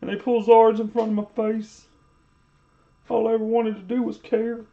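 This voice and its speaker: A man's voice: extremely high pitch, little pitch movement, moderate pace, gravelly, narrow, tinny audio, pitched above the performer's own voice. A man doing a whiny, sulky grown man. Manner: whining, sulky complaining.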